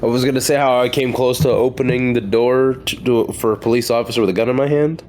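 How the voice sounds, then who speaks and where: A man's voice: medium pitch, fairly even intonation, fast, a little mellow, a little hiss or hum. A young man co-hosting a podcast, telling rambling, profane stories in casual chat. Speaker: podcast co-host.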